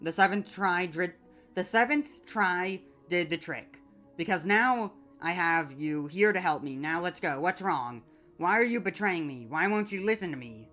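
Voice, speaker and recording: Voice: mid-range voice, lively intonation, unhurried, bright, forceful tone, soft background music. A streamer reading out a desperate android woman. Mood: pleading, insistent. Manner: reading game dialogue aloud with self-corrections. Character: desperate female android pleading, then despairing. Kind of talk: reading video game dialogue aloud.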